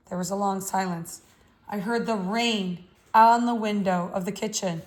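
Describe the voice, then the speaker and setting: A woman reading a novel aloud in a measured, steady way. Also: medium pitch. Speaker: audiobook reader.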